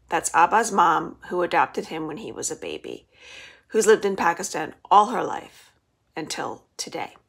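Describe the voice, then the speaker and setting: A woman's voice: lowish voice, creaky, slightly rough. A woman librarian reading the first chapter of a children's novel aloud, telling it expressively. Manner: expressive storytelling.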